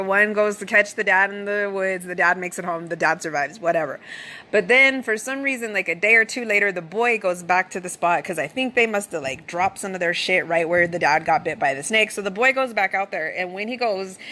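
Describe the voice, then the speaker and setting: A woman's voice: medium pitch, pushed and bright. A woman hosting a podcast, casually retelling a movie plot in a chatty way and swearing freely. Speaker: podcast host.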